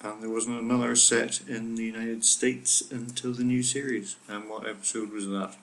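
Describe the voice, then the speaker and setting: A man's voice: mid-range voice, level tone, normal speed, low-quality recording. A man co-hosting a casual chat podcast. He speaks in a wry, teasing way and quizzes his co-host.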